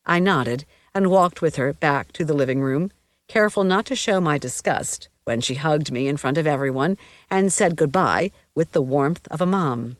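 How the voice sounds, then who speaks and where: A woman's voice: sits low, animated, normal speed, no echo, clean studio sound. A woman narrating a first-person novel as an audiobook, wry and confiding.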